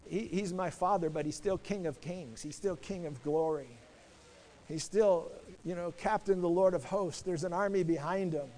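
A man with a notably high voice preaches to his congregation. He is earnest and middle-aged, often repeats a word as he starts a phrase, and asks the listeners questions. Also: a little mellow, slight background noise, low-quality recording. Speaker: pastor. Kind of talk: sermon.

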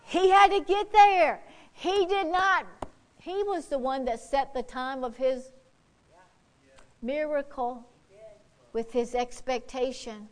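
Woman pastor, fervent sermon delivery, high pitch, unhurried pace. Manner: fervent preaching, swinging from shouts to hushed prayer.

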